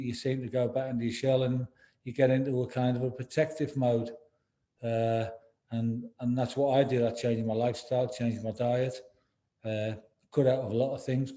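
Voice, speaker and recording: A man in his sixties being interviewed, speaking candidly and haltingly, with many repeated words and "you know"s. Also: medium pitch, dark tone. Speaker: interview guest, former footballer.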